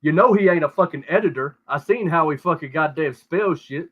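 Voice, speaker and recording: Brisk and fairly high-pitched, this man hosts a show where he rants crudely and rambles, swearing heavily, all over call audio that comes through muffled.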